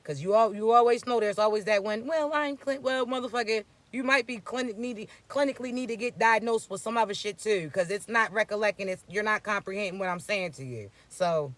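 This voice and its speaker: A man's voice: sits high, a little fast, hardly any pauses, fairly bright tone. A man giving a blunt, profane spiritual pep talk, scolding his listeners in streetwise slang. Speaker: spiritual reading host. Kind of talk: blunt motivational spiritual message.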